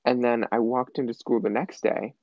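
A man's voice: moderate pace, no room sound. A young man, a podcast guest, telling school stories in casual chat and acting out the quotes. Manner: animated, acts out quotes with big pitch jumps. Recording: dull lo-fi sound, dry.

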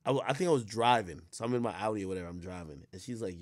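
A man's voice: lowish voice, fast talker, hardly any pauses, no echo. A man giving blunt, profane commentary in a rambling, storytelling way while reacting to a clip.

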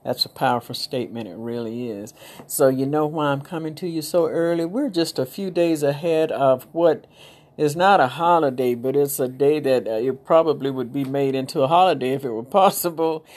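A woman's voice: very deep voice, normal speed, a little mellow. A middle-aged woman hosting a podcast, talking in a rambling, casual, inspirational monologue with preachy asides. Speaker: podcast host.

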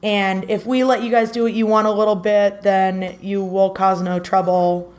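A woman's voice: mid-range voice, level tone, normal speed, darkish tone. A woman co-hosting a casual podcast, telling a story in a rambling way with many fillers. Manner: rambling, lots of filler words. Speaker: podcast co-host.

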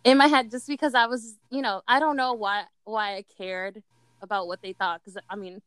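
A woman's voice: mid-range voice, fairly even intonation, normal speed, fairly bright tone, clean tone, no echo, rough recording. A young woman telling a candid story in casual chat, dramatic and laughing often. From Latin American heritage.

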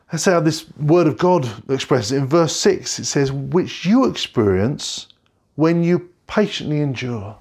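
A middle-aged man, a pastor, giving an earnest, heartfelt sermon from a bedroom at home, slowing down on key phrases. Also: a little high, gravelly, darkish tone, slightly rough. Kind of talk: recorded sermon.

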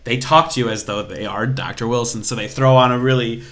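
A man's voice: medium pitch, a little fast, a bit bright. A young man co-hosting a casual podcast, chatty and explaining things at length with small restarts. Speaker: podcast co-host.

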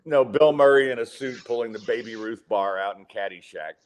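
A man hosting a podcast, chatting in a laid-back, rambling way with halting restarts. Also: mid-range voice. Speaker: podcast host. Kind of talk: casual podcast chat.

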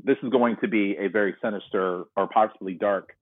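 A man's voice: lowish voice, fairly even intonation, brisk, dry recording. A man from North Carolina telling his personal story as an interview guest, earnest and reflective, often restarting his sentences. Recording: dry tinny phone-like line.

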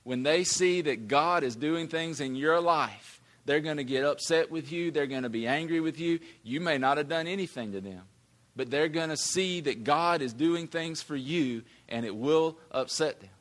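A man preaching a sermon with a slightly high voice. He talks in a conversational, emphatic way, often repeating words as he drives a point home. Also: moderate pace, a bit bright. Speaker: pastor.

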